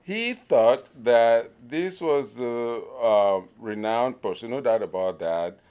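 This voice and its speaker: A man from Nigeria giving an informal conference talk, pausing often to search for words, with a humorous touch. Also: mid-range voice, lively intonation, darkish tone, smooth. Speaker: conference speaker.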